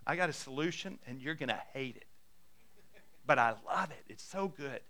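A man's voice: medium pitch, expressive, normal speed, pushed and bright. A man preaching a sermon in a conversational storytelling way, acting out quotes and asking his listeners questions. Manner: asks the congregation questions. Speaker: pastor.

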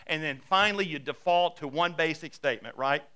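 Speaking a little fast, this pastor has a fairly high, bright, forceful voice. His sermon unfolds like a conversation full of stories, with quotes acted out and questions directed at the congregation.

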